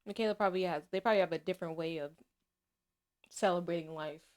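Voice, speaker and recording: A woman's voice: lowish voice, quick pace, no room sound. A woman hosting a reaction video, chatty and emotional as she watches a drama series. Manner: excitable, emotional, chatty, laughing often.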